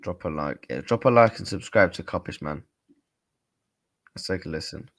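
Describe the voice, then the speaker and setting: A man runs a casual live stream and talks straight to his viewers. His pitch jumps around a lot. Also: normal speed, vocal fry. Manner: chatty, lively asides to viewers. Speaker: streamer hosting a reaction stream.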